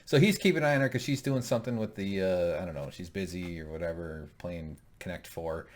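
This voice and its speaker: Male co-host with a lowish voice who rambles and jokes through a casual recap. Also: fairly quick. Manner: joking, rambling asides.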